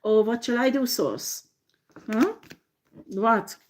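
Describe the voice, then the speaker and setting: A woman's voice: a little high, animated, takes it slowly, a little hiss or hum, pitched above the performer's own voice. A woman voicing a hesitant man who wonders aloud whether he should step in and help. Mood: unsure.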